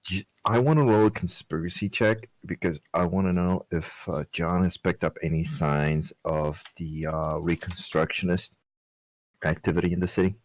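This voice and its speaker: Deep-voiced man, dry close mic. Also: steady tone, moderate pace, dry recording. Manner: eager, asks questions, explains plans. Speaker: player. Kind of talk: casual tabletop game chat.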